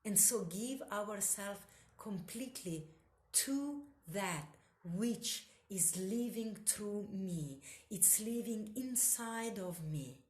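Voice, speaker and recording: A woman hosting a solo podcast, delivering a slow spiritual monologue with incantatory, repetitive phrasing. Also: medium pitch, expressive, echoey room.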